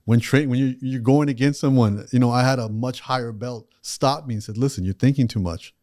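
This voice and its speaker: A man with a mellow, warm tone who appears as a podcast guest and author. He speaks reflectively at a middle pitch and builds his points with stories and analogies. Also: fairly even intonation, a little fast. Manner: reflective storyteller who uses examples and analogies. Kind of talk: podcast conversation.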